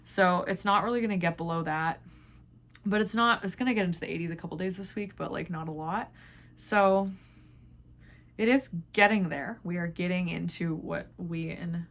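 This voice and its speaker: Woman, casual vlog chat, rambling, filler-heavy, slightly low pitch. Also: steady tone, moderate pace, gravelly, fairly bright tone. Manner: rambling, chatty, many filler words. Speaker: knitting vlog host.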